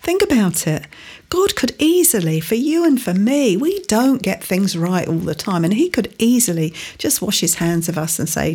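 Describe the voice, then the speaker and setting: Earnest woman preaching, slightly breathy. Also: medium pitch, sing-song, moderate pace, darkish tone. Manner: earnest, emphatic Bible teaching with rising stresses. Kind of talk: sermon.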